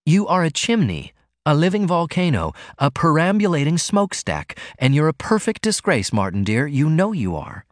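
A man's voice: a little high, big pitch swings, moderate pace, dry recording, studio quality, pitched above the performer's own voice. A man voicing a prim, coaxing young woman. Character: refined young woman, gently scolding and affectionate. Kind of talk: audiobook character voice.

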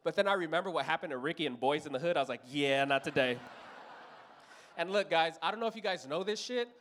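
Guy doing stand-up, swears a lot, tells stories, bit of a higher voice. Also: fast talker, slight background noise. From Los Angeles. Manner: profane, storytelling, animated voices for characters. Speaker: stand-up comedian. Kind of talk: stand-up routine. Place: comedy club stage with audience.

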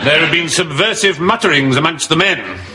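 A man playing a pompous, blustering army general in a studio sitcom, booming his words. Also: lively intonation, a little fast, heavy background noise, lightly acted.

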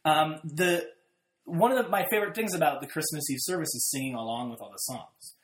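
A podcast co-host telling a story in casual chat, with an animated, sarcastic manner. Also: mid-range voice, fairly quick. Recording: roomy echoey room.

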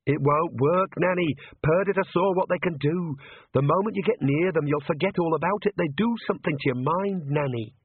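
A man's voice: fairly high pitch, fairly quick, husky, dry recording, phone-quality sound, pitched above the performer's own voice. A man voicing a flustered, self-conscious young witch who argues with a voice inside her head. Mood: worried. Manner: exasperated, arguing with an inner voice.

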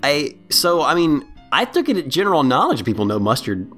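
Animated man on a casual podcast. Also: a little high, a little fast, soft background music. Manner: animated, sarcastic, laughs often. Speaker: podcast co-host.

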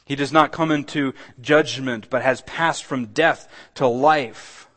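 A man's voice: medium pitch, slow. Man preaching a conversational sermon. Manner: conversational, repeats words and restarts, swells louder on key points. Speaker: pastor.

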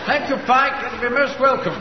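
An actor playing a pompous middle-aged male Home Guard captain who barks brisk orders, in a 1970s radio sitcom. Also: very high-pitched, fairly even intonation. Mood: commanding. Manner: pompous, blustering, brisk commands. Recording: echoey lo-fi radio recording, hiss.

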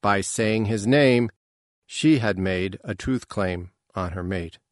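A male narrator reads fiction in a measured, even way. His voice is on the low side and unhurried, and it is recorded dry, with no room sound. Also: dry recording. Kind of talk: scripted narration.

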